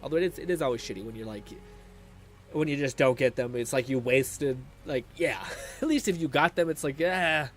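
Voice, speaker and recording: A man's voice: medium pitch, brisk. A man live-streaming a video game, chatting casually, swearing and laughing while he reads viewer comments. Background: game music.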